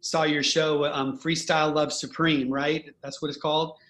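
A man hosts a casual podcast conversation with a slightly high voice. He speaks in an earnest, heartfelt way with a grateful tone. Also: little pitch movement, moderate pace, a bit bright. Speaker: host and band musician.

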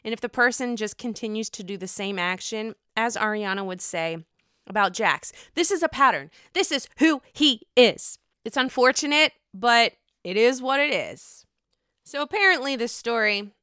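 Pittsburgh woman podcast host, sore-throated, frank and foul-mouthed, crisp tone in a dry room. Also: mid-range voice, normal speed, sharp tone, dry recording. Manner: candid, profane, chatty. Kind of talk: casual reality-TV gossip chat.

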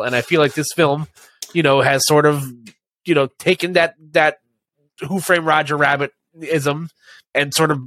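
Man, podcast co-host, rambling casual chat, slightly high voice, dry close sound. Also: bright, forceful tone, no echo. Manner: rambling, lots of restarts.

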